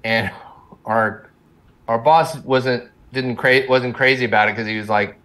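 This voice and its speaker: A man's voice: medium pitch, fairly even intonation, measured pace, fairly bright tone. A middle-aged man, a cartoon co-creator, chatting casually as an interview guest, rambling and self-deprecating with frequent laughs.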